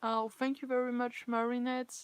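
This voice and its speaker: A woman with a French accent and French as her first language, reading fan fiction aloud on a live stream and pausing to chat and laugh at her slips. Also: a little high, flat delivery, smooth, dry recording, low-quality recording.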